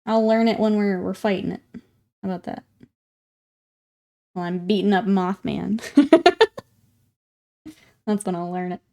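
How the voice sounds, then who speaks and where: A woman's voice: medium pitch, a little slow, vocal fry, long pauses. Chatty woman streaming to her viewers. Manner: chatty, laughs often, greets chat warmly. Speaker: streamer painting miniatures. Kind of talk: casual live-stream chat with viewers.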